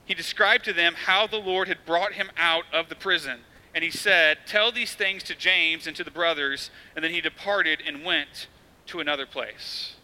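A man's voice: a little high, steady tone, moderate pace, pushed and bright, low-quality recording. A man in his thirties, a pastor preaching a sermon in a casual storytelling way, acting out quotes.

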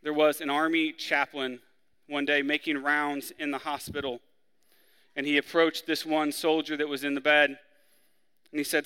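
A man preaching a sermon, acting out the criminals' words in a raised, forceful voice. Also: level tone, normal speed, smooth, in a large hall. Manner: preaching, acts out the criminals' lines with rising pitch and force. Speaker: pastor.

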